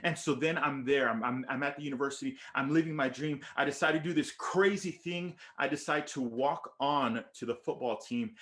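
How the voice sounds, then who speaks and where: A man's voice: mid-range voice, fairly bright tone. A man from the Texas border region giving an emphatic motivational keynote to students, repeating phrases and calling listeners by name over a video call. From Texas border region, USA. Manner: emphatic, repetitive storytelling that addresses listeners by name. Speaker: motivational speaker.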